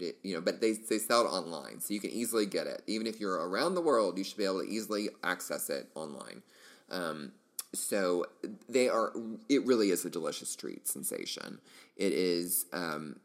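A middle-aged man hosting a solo podcast, chatting casually and enthusiastically, rambling with lots of fillers and restarts. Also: deep voice. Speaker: podcast host.

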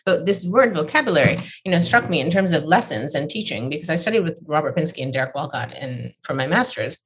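A woman's voice: deep voice, lively intonation, quick pace, slight background noise. A woman poet in conversation, telling reflective, digressive stories about learning her craft and often restarting her phrases. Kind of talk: conversational storytelling.

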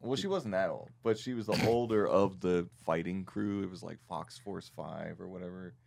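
Guy with a real low gravelly voice, goofing around on a podcast, silly noises. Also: normal speed, darkish tone. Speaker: podcast host. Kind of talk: casual chat.

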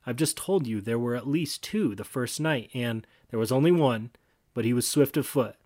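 A man's voice: mid-range voice, lively intonation, normal speed, a little mellow, dry recording, lightly acted. Man reading as a frightened young boy asking questions, plain mid voice, dry sound. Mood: puzzled.

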